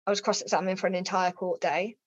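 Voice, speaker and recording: A fast-talking woman with a lowish voice shares her personal story as an interview guest, animatedly performing the lines of people she quotes with a raised voice. The audio is dry, lo-fi, and slightly dull.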